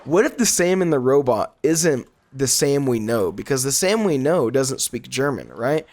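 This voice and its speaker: This gaming YouTuber has a cold, so his mid-range voice comes out stuffy and nasal at normal speed. He rambles through his gameplay commentary, easily sidetracked, laughing often, his voice jumping up in excitement.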